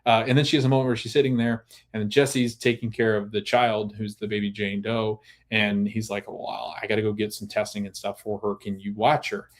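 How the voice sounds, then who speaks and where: Lowish-voiced man rambling through a recap. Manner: rambling, full of restarts and "like", laughs at times. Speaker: podcast host. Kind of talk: casual episode recap.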